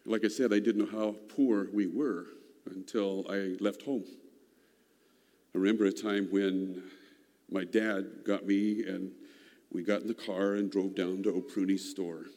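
Mellow-voiced man telling a folksy story. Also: low voice, fairly even intonation. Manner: folksy, unhurried, reflective. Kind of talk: personal storytelling. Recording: long hall reverb.

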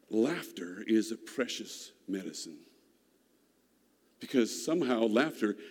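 A man telling a personal childhood story in an unhurried, folksy, reflective way, heard in a reverberant hall. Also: mid-range voice, mellow.

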